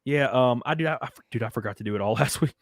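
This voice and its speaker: A young man hosting a podcast, chatting casually, animated and quick, swearing and laughing as he tells stories. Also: medium pitch, no echo. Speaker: podcast host. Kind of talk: casual chat.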